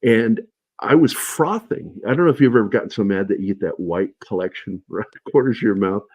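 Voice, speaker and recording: A middle-aged man telling animated stories in a casual livestream chat, his voice husky and low. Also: brisk, no room sound, muffled recording. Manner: animated anecdotes, shouting in quoted lines. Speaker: guest.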